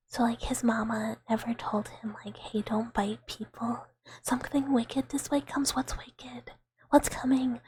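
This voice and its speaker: A woman's voice: fairly high pitch, husky. Brief: young woman streamer, close-mic whispered ASMR chat, airy and rambling. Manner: soft whisper, giggly, rambling with fillers.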